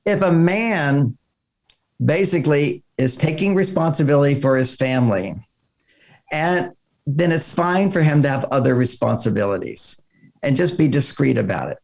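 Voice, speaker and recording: An older man talks in an interview in a slightly higher voice than most men. He tells his stories with energy and acts out the people he quotes. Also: animated, normal speed, vocal fry, a little mellow. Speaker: author guest. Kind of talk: interview conversation.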